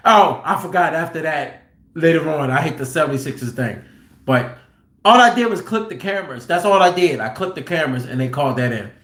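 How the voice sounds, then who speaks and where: Animated truck driver man in an echoey room. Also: on the high side, brisk. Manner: animated, profane, acts out quotes loudly. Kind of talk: casual storytelling. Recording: roomy echo.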